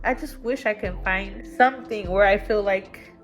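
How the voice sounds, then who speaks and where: A young woman talking at home in a casual confessional vlog, candid and rambling, her voice jumping up when she gets excited. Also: moderate pace, soft background music. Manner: candid and rambling, with sudden excited jumps in pitch. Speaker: vlogger. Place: at home, indoors.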